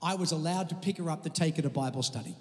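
A man's voice: a little high, fast, a little mellow. A man from Australia, preaching a sermon emphatically to a congregation and calling out for amens. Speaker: pastor. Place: church sanctuary. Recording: long reverb of a large hall.

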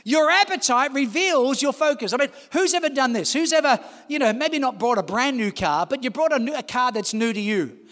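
High-voiced impassioned pastor in a reverberant hall. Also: male voice, lively intonation, a little fast, hardly any pauses. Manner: impassioned, rising to shouts, calls to the congregation. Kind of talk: sermon. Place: large church hall.

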